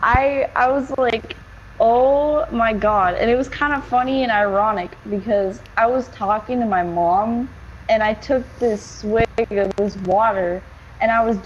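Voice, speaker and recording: A woman's voice: fairly high pitch, fairly even intonation, a little slow, a little hiss or hum. Rambling, cursing young woman telling a story. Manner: rambling, swears a lot, many likes and fillers. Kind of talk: casual storytelling. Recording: dull lo-fi game-capture audio.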